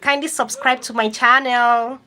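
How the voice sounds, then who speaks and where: A woman's voice: on the high side, steady tone, unhurried, sharp tone, a little hiss or hum, low-quality recording. A woman hosting a live stream, reading viewer comments aloud and answering them directly, repeating phrases for emphasis. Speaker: YouTube host reading live chat.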